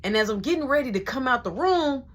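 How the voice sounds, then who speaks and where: A woman's voice: sits high, lively intonation, fast. A young adult woman telling a profane, slangy personal story in a casual monologue, dropping into whispers when she quotes people.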